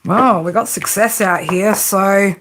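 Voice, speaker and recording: A woman's voice: mid-range voice, steady tone, a little slow, fairly bright tone, a little hiss or hum. A woman giving a casual live tarot reading, chatting and joking with viewers and swearing freely. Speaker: tarot reader.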